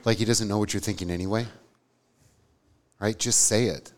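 Deep-voiced man, earnest live podcast talk. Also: fairly even intonation, moderate pace, slight background noise. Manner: earnest, emphatic, conversational with frequent "right?". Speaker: podcast co-host, theology teacher. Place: live event before an audience.

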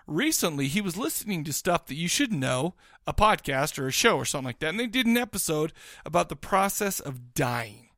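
A man's voice: on the high side, sing-song, a little fast, a bit bright, dry recording, studio quality. A man co-hosting a podcast in casual banter, rambling bashfully with many restarts. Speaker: podcast co-host.

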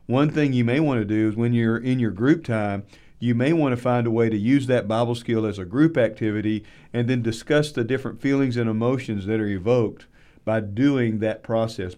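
A man's voice: medium pitch, darkish tone. Man hosting a Bible study wrap-up. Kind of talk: wrapping up a study session.

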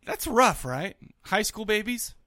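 Animated, high-voiced man recapping a movie. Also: measured pace, no echo, clean studio sound. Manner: animated, jokey, acts out characters in quotes. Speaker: podcast co-host. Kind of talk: casual movie recap chat.

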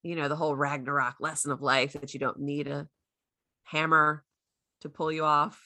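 A woman's voice: low-pitched, flat delivery, normal speed, pushed and bright, no room sound. A woman in her thirties, co-hosting a casual recap chat, chatty and laughing often as she quotes characters in silly voices. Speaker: podcast co-host recapping a show.

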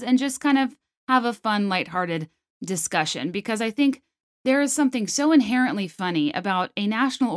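A young adult woman hosting a solo comedy podcast, talking in an animated, sarcastic way and slipping into mocking voices. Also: mid-range voice, no echo, studio quality. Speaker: podcast host.

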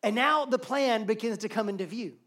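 A man's voice: sits high, a little fast, a bit bright. Earnest male pastor preaching live. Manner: earnest, building through repetition. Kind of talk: sermon. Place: church sanctuary, live service.

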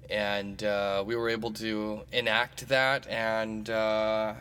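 A man's voice: fairly low pitch, little pitch movement, slow, a bit bright, clean tone. Rambling man in his thirties. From Missouri. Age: 30s. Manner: meandering, jokey, lots of fillers. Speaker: comedy podcast host. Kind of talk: casual rambling monologue.

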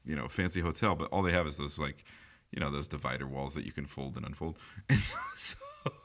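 A man with a low voice tells a funny anecdote in relaxed conversational speech. His pitch swings widely as he gets caught up in the story. He laughs often and stacks up fillers and restarts. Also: brisk.

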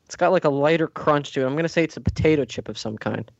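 A man's voice: a little high, quick pace, creaky, no echo, dull audio. Playful man hosting a podcast. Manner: playful, laughs often, teasing. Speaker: podcast host. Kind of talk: casual podcast banter.

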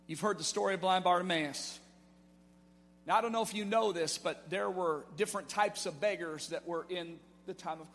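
A man preaching a sermon with a very high, bright, forceful voice. He drives his points home with emphasis and calls out to the congregation. The sound carries a long church-hall reverb. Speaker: pastor. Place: church sanctuary.

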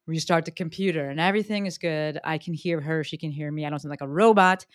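A woman hosting a podcast, bubbly and joking, with quick asides. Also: lowish voice, no room sound, studio quality. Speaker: podcast host. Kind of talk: energetic podcast interview.

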